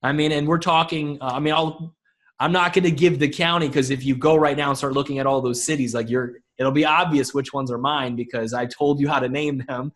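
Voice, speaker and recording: A man talking casually as a webinar guest, fast and informal, with lots of restarts and fillers. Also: mid-range voice, steady tone, fairly bright tone.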